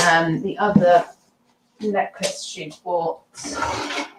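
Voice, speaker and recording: A woman's voice: lowish voice, expressive, takes it slowly, background noise. A woman vlogger chatting casually and rambling about her resale items, with giggly asides. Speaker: eBay reseller vlogger. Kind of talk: casual chat to viewers.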